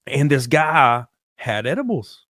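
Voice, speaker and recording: A young man casually telling a rambling, animated story, full of "like" and casual swearing. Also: medium pitch, slow pace, no echo, studio quality. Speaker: guest storyteller. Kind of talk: casual storytelling on a live stream.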